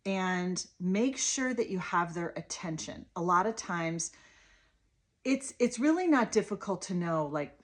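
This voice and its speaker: Therapist, woman, 30s; explains plainly, switches to animated sing-song for toddlers. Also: mid-range voice, unhurried. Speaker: speech-language pathologist. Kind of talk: parent coaching lesson with toy demo.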